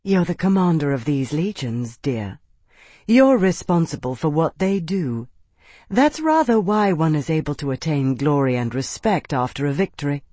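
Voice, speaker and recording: A man voicing a poised noblewoman who speaks quietly, coolly and condescendingly in an audiobook. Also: on the high side, big pitch swings, normal speed, no echo. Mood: cold.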